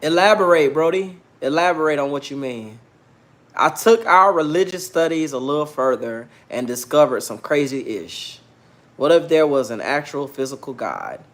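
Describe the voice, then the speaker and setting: A man's voice: on the high side, animated, normal speed. A man in his thirties hosting a casual livestream, talking brashly and preaching at his viewers, challenging chat to answer him. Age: 30s. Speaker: livestream host.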